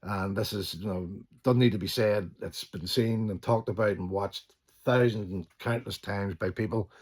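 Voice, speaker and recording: A middle-aged man with a lowish voice talks through his favourite films in a loose, casual way. He is enthusiastic and swears freely. His sentences often drop into softer, trailing remarks. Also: fairly even intonation, normal speed, husky. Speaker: channel host. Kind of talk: casual film collection chat.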